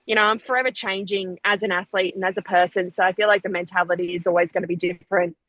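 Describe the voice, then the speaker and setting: A young Australian woman in her twenties, chatting casually as an athlete guest, quick and talkative with frequent laughter. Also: on the low side, steady tone, a bit bright, no room sound, low-quality recording. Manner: chatty, laughs often, fast bursts. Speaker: Olympic sprinter, guest. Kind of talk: casual interview chat.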